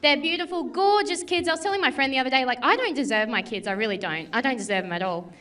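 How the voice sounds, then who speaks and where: Brash bright-voiced woman comic. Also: sits high, lively intonation, quick pace. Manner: brash, bawdy, confident. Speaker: stand-up comedian. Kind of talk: stand-up set and interview. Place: comedy club.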